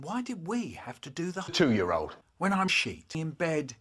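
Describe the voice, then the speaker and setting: A man telling children's stories, spliced into a comedy remix, with animated delivery, sudden shouts and silly voices. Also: on the high side, normal speed, hardly any pauses, over loud music. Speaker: children's poet reading stories.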